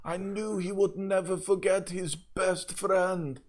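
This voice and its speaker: A man voicing an excitable old French prisoner with a put-on French accent. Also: high-pitched, slow pace, pitched above the performer's own voice. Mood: excited.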